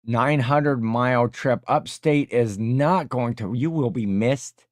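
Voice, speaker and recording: A man hosting a casual livestream, reading viewer comments aloud and rambling with many pauses. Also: medium pitch, no echo, studio quality. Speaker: livestream host.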